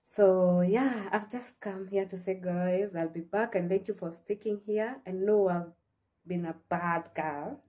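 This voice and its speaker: A woman's voice: medium pitch, steady tone, a little slow, mellow. A woman with a Kenyan accent chatting to her viewers in a casual, heartfelt vlog, dropping in Swahili phrases. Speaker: vlogger. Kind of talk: casual chat to camera.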